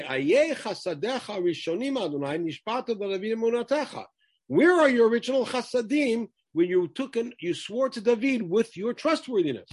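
Lively husky man teaching scripture. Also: high voice, dry recording. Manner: lively, emphatic, quotes Hebrew verses then translates. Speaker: Bible teacher. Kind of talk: Torah lesson.

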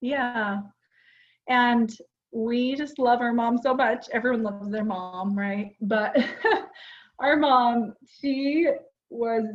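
A woman in her forties co-hosts a podcast, chatting casually and earnestly with lots of filler words. Her voice is on the high side, and the recording cuts off the highs.

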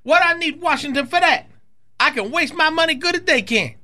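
A man's voice: expressive, a little fast, bright, forceful tone, full character voice. A man voicing a man, in a comic radio skit. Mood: folksy storytelling. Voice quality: exaggerated high-pitched put-on voice. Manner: breaks character laughing. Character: Cajun man Justin LeBlanc, big appetite.

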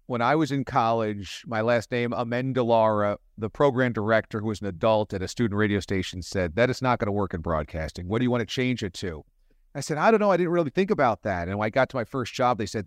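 A man's voice: medium pitch, lively intonation, fast, no echo, studio quality. A man hosting an interview, asking curious, conversational questions. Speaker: podcast interviewer.

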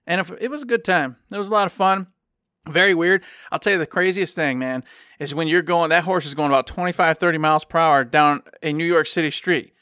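A man from Michigan, co-hosting a podcast and telling a rambling, animated story in casual chat, acting out the people he quotes. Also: a little high, fairly quick, no echo, studio quality. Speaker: podcast co-host.

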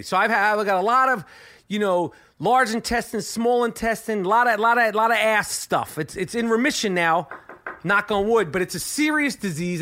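A man, hosting a podcast in an animated, profane comedic rant, swearing and repeating himself. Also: sits high. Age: 40s. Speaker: podcast host.

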